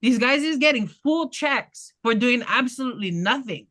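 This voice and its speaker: A woman's voice: fairly high pitch, animated, moderate pace, fairly bright tone. A woman candidate speaks bluntly and passionately to neighbors at a community meeting. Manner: passionate, blunt, laughing asides. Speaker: political candidate.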